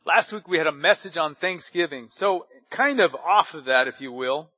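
A male pastor with a somewhat high voice preaches a sermon in an easy, conversational way, often stopping to put rhetorical questions to his listeners. The recording sounds a little dull and lo-fi. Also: animated, normal speed, hardly any pauses. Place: church service.

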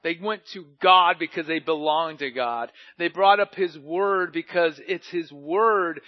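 A pastor preaching a sermon to his church, animated, with frequent laughs as he acts out scripture quotes in dramatic voices. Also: fairly high pitch, a little slow, dull audio.

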